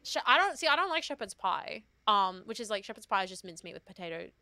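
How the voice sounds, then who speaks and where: Bright-voiced Australian woman, rambling chat. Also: medium pitch, big pitch swings, fast. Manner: rambling, self-deprecating, laughs often. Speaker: guest. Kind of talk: casual chat.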